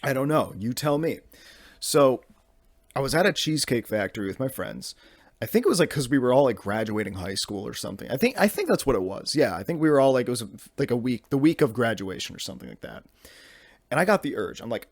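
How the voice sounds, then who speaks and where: A man's voice: mid-range voice, sing-song, fast, no echo. A young man in his twenties hosting a podcast, telling a rambling comedic story full of restarts and swearing. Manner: rambling and exasperated, with many restarts and profanity. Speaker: podcast host. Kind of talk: casual comedic monologue.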